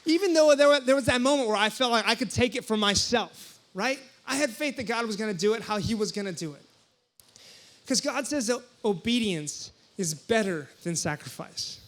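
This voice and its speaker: A young man preaching a sermon as a young adults pastor, telling jokey stories with sudden loud exclamations. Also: high voice, lively intonation, moderate pace. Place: church hall before a congregation.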